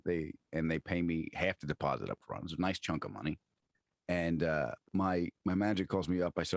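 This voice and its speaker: A middle-aged man with a New York accent tells animated stories, often restarting mid-sentence. His voice sits very low, and the sound is dry and close to the mic. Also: brisk, no echo. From Long Island, New York. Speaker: guest comedian and actor. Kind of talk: casual storytelling interview.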